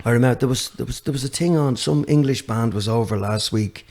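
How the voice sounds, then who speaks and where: A man's voice: mid-range voice, quick pace, gravelly. An older man, a guest guitarist chatting casually in an interview, telling stories with lots of restarts. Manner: animated storyteller with many restarts.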